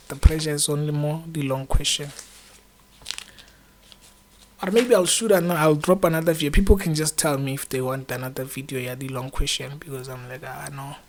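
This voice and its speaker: A man's voice: fairly high pitch, darkish tone, slight background noise. A young man hosting an informal exam-prep video, talking to camera in a chatty, encouraging way that rambles with frequent fillers. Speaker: student exam-prep channel host.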